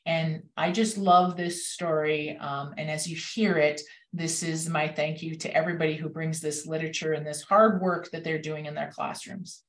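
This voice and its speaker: A woman's voice: deep voice, steady tone, moderate pace, few pauses, echoey room. A woman, a learning consultant, speaks as a podcast guest and reads a picture book aloud in an earnest, heartfelt way.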